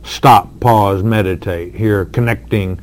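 A man's voice: fairly low pitch, fairly even intonation. A man preaching a sermon, explaining scripture in an earnest way with frequent fillers. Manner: earnest, slow, with fillers and emphatic lines. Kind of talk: expository sermon.

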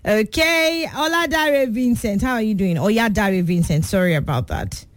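A woman hosting a children's quiz show on the radio, patient and teacherly, repeating her questions slowly. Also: medium pitch, lively intonation, no room sound.

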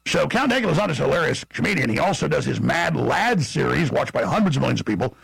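Gravelly brash Texan man hosting. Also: a little high, sing-song, fairly bright tone, no room sound, low-quality recording. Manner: brash, mocking, rapid-fire. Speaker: show host. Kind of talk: talk show monologue and interview.

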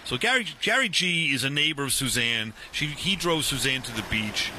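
A man in his fifties casually telling a long story, animated and full of restarts, acting out the dialogue. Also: mid-range voice, normal speed, slight background noise.

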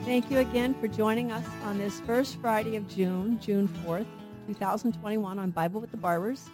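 A woman's voice: mid-range voice, steady tone, normal speed, over music. A woman hosting a radio Bible show, teaching earnestly and asking questions she then answers.

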